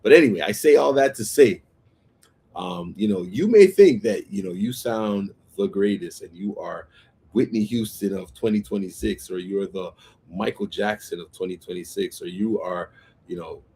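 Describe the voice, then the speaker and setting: Male radio host, low-pitched voice, upbeat motivational delivery with frequent rhetorical questions. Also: gravelly, a little hiss or hum. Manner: energetic, repeats "right?" and calls on listeners to repeat words. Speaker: radio talk show host. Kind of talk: motivational talk radio monologue.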